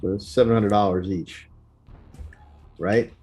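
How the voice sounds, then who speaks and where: A man playing in a tabletop game, easygoing and planning out loud. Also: on the low side, steady tone, a little slow. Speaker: player. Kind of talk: casual tabletop play.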